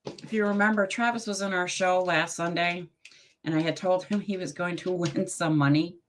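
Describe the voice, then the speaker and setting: A woman's voice: on the low side, steady tone, moderate pace, a little hiss or hum. A woman hosting a live tarot reading show, chatty and friendly as she reads cards aloud. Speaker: host.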